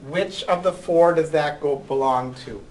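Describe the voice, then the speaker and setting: A man's voice: on the high side, measured pace, a little mellow, poor audio. A man teaching a college class, lecturing with frequent ums and "right?" checks. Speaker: college accounting instructor.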